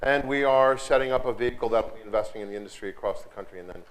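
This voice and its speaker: A man's voice: mid-range voice, very fast, poor audio. A man who is president of an advisory firm, introducing himself on a panel in a polite, formal way with some hesitations.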